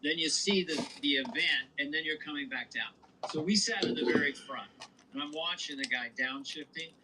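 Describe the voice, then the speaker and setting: A man's voice: fairly high pitch, normal speed, very noisy. A man from Montana, co-hosting a podcast, telling stories in casual chat and slipping into old-timey voices. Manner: animated storyteller, slips into old-timey voices. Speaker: podcast co-host.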